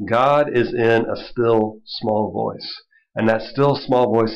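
A man's voice: medium pitch, steady tone, takes it slowly, gravelly. A man, a minister, teaching an informal Bible study in a conversational way, with frequent asides and chuckles. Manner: conversational, chuckling, lots of "you know". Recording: dull lo-fi recording.

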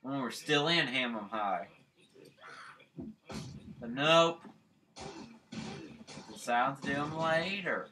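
A man's voice: mid-range voice, slow, pauses often. A man doing let's play commentary, rambling and talking to himself while he plays. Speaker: gaming channel host.

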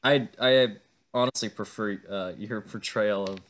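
A man's voice: fairly low pitch, unhurried. A man hosting a casual podcast interview, talking like an admiring fan, with hesitant phrasing. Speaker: podcast host.

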